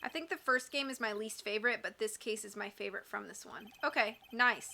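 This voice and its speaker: A woman's voice: mid-range voice, fairly quick, vocal fry, pushed and bright, slight background noise. A woman streaming a video game live, chatting casually between reading its lines. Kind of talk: live game playthrough commentary.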